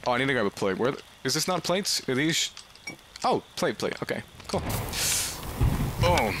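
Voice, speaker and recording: Excitable gamer man, lively pitch. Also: normal speed, noisy background. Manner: excitable, yelps and shouts at scares; chatty, talks to game characters. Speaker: gaming video creator. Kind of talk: let's play commentary.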